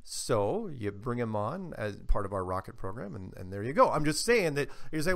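A man talking as a guest on a radio interview, telling animated stories with many restarts. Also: mid-range voice, fairly quick, creaky, hardly any pauses. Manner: animated storyteller, frequent restarts. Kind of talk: casual radio interview chat.

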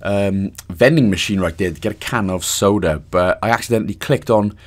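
A man's voice: lowish voice, fairly quick. Jokey Welsh man narrating a game guide. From Wales. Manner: jokey, self-mocking asides. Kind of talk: casual voice-over game walkthrough.

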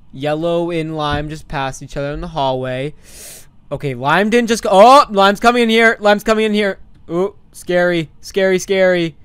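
Young male gaming YouTuber, high and smooth, dry close mic, goofy rambling commentary. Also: no room sound. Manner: goofy, rambling, playful, sudden loud outbursts. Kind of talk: let's play commentary. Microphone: desk microphone.

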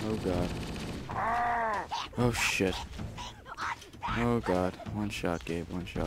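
A man's voice: low voice, takes it slowly, long pauses. A young man commenting on his own gameplay, muttering panicky exclamations and swearing a lot. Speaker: let's play gamer. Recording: noisy gameplay recording.

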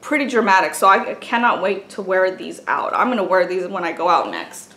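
A woman's voice: fairly low pitch, expressive, a little fast, pushed and bright. A woman chatting casually as she unboxes gifts for a vlog, gushing and exclaiming over each item. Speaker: beauty and craft vlogger. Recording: echoey room with faint noise.

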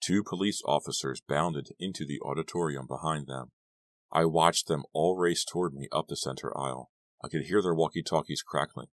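Deep voiced guy reading a thriller audiobook, dry close sound. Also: moderate pace, no room sound. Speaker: audiobook narrator. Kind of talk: scripted narration.

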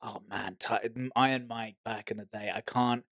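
A man from Britain co-hosting a podcast, telling stories in casual chat. He stammers and restarts his sentences often. His voice is bright and forceful, and the sound is dry. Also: fairly low pitch, fairly even intonation, moderate pace, dry recording. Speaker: podcast co-host.

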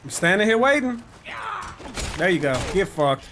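Let's-play host, man, profane trash talk at the screen, high animated voice. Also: moderate pace, a little hiss or hum. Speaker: gameplay commentator. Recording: game audio and music under voice.

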